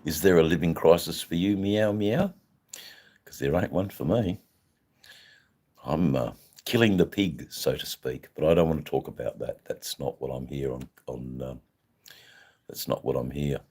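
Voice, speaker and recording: With a husky, darkish bass voice at a moderate pace, an older Australian man chats casually on a livestream. He reads out and responds to viewers' comments, rambling along laid-back with many fillers.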